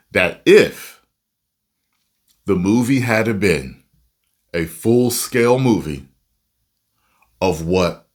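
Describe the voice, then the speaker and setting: In a low voice, a man offers casual, animated commentary reacting to a movie, rambling and interrupting himself.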